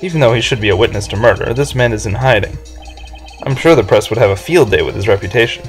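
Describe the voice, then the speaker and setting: Guy reading a young lawyer dude, serious, slow and steady. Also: fairly low pitch, faint music behind, lightly acted. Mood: firm. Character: earnest young male defense lawyer.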